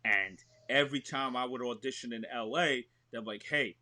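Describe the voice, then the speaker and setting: New york guy, really bright voice, animated, acts out his stories on a podcast. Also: medium pitch, normal speed. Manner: animated storyteller, acts out what he describes. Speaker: guest actor. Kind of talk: casual podcast interview.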